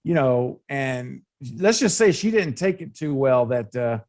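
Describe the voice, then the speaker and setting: A man appearing as a podcast guest in a casual film discussion, telling stories in an animated, drawn-out way. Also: mid-range voice.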